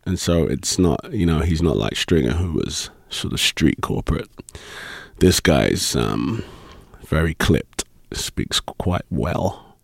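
A British man talks through an interview in an easy, chuckling way, leaning on ums and you-knows. His voice sits very deep and low. The sound is close and dry, with no room around it. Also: lively intonation, slow pace, creaky, husky, no room sound. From Britain. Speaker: actor guest. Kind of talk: casual interview chat.

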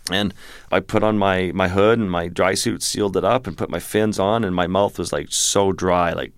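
A man's voice: deep voice, normal speed, dry recording, clean studio sound. A man, a wildlife photographer, telling a vivid adventure story as a guest in an interview. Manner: vivid, animated storytelling with restarts.

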